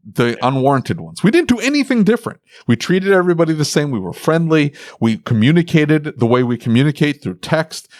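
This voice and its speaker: A man's voice: on the high side, dry recording, studio quality. A man co-hosting a podcast, ranting sarcastically about customers in casual chat. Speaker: podcast co-host, repair shop owner.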